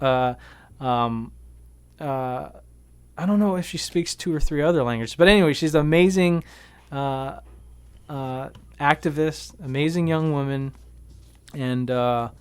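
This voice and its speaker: A man who is a veteran activist, casually retelling events in a radio interview, with many fillers and animated bursts. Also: a little high, clean tone, no echo. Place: radio studio.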